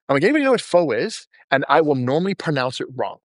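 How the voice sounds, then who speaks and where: Fast-talking male podcast host. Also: on the high side, dry recording, clean studio sound. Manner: animated, acts out quoted people in his stories. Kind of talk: casual storytelling interview chat.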